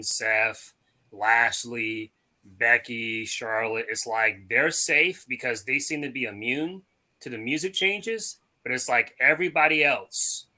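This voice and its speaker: Bright-voiced man rambling casually. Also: mid-range voice, rough recording. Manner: rambling, hesitant, many fillers. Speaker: podcast co-host. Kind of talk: casual chat.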